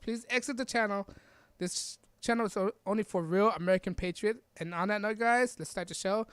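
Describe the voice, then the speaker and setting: A woman's voice: medium pitch, no room sound. A woman hosting a podcast, giving an emphatic opinion monologue full of repeated rhetorical questions and tag checks. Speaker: podcast host.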